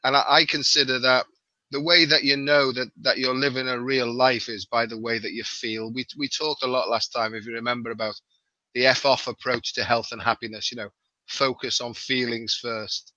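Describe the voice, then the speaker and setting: Middle-aged male guest, Liverpool accent, chatty and wry; bright voice, lo-fi sound. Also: mid-range voice, fairly even intonation, moderate pace, no echo. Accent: Liverpool (Scouse). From the Wirral, near Liverpool, England. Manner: chatty, self-mocking, laughs easily. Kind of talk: casual live-stream chat.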